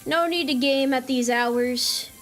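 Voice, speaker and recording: A woman's voice: high voice, slow, faint music behind. A woman streamer giving casual gameplay commentary, playful and teasing.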